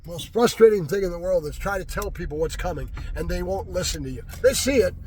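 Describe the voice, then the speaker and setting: A man's voice: high voice, animated, a little fast, a little mellow. A man ranting angrily to his viewers in a political vlog, agitated and repetitive, tagging his points with "right?". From California. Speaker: vlogger. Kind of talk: angry political rant to camera.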